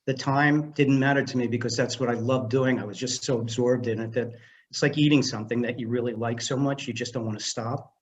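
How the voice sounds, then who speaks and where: Older male guest, animated storyteller, mid-pitch voice, slightly dull lo-fi recording. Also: a little fast. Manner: animated storyteller who acts out dialogue. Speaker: guest, film director and screenwriter. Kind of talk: casual storytelling interview.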